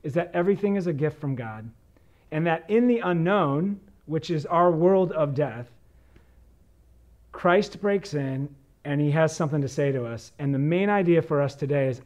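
A man's voice: a little high, animated, moderate pace, a little mellow, muffled recording. A man preaching as a pastor, reading scripture and talking through it in an earnest conversational sermon.

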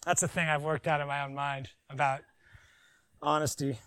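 A man preaching a conversational sermon, joking and animated, with silly voices in his asides. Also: a little high, normal speed, clean tone, rough recording. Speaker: pastor.

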